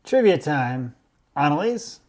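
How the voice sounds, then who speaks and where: A man hosting a podcast, telling food history in a measured, explanatory way. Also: on the high side, sing-song, a little mellow. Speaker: podcast host.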